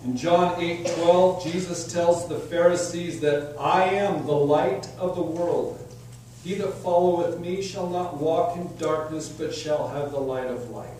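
Slow-preaching man in an echoey church. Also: on the high side, a little mellow, a little hiss or hum. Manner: slow, deliberate scripture exposition with emphatic declarations. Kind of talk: sermon. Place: church sanctuary. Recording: echoey hall, distant mic, faint ambience.

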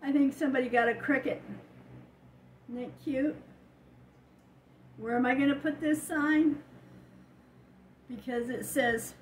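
A woman's voice: high-pitched, fairly even intonation, measured pace, long pauses, slight background noise, low-quality recording. An older woman casually chatting at home as a vlogger, telling stories and laughing often. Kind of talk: casual chat.

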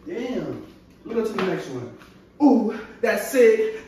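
A young man doing a casual show-and-tell vlog, excitable and slangy with frequent exclamations. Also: high voice, slow. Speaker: vlogger showing his collection. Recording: very echoey, far from the mic, faint noise.

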